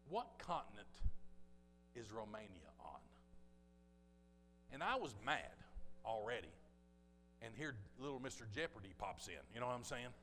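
A middle-aged man preaching a sermon as a personal story, his voice climbing high and loud when he acts out pleas to God. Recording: echoey hall with faint noise.

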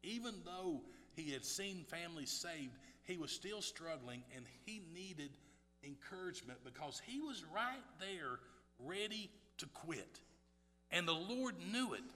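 A male preacher with a high, very bright and forceful voice delivers a sermon. His delivery swings between hushed, low stretches and loud, shouted exhortation, ringing out in a hall with a long reverb. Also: big pitch swings, unhurried.

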